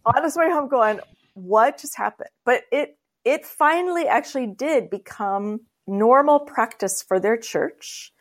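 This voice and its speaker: A woman speaking as a guest, telling a long story with lively voiced quotes and light laughter. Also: fairly high pitch. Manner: animated, acts out quoted voices. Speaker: guest speaker, church leader. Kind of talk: storytelling conversation.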